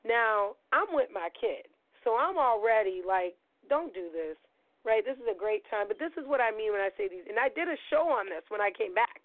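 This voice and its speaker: A middle-aged woman hosting a podcast, telling a story in a loud, profane, animated way and acting out the quotes, her voice a little gravelly as it recovers. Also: mid-range voice, normal speed, no echo. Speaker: podcast host. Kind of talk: storytelling monologue. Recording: tinny phone-like line.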